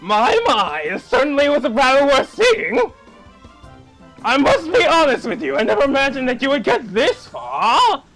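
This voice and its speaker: A man's voice: very high voice, wildly swooping pitch, normal speed, a bit bright, soft background music, full character voice. A man hamming up an evil scheming mayor. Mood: pompous. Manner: theatrical, hammy evil laughter. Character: scheming villainous male mayor, grandiose.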